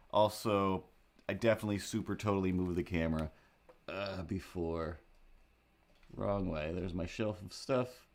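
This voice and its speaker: A young man with a lowish voice rambles through casual chat as he sets up for a drawing stream, making self-deprecating jokes. He's the livestream host, and his talk is loose, unscripted and full of asides.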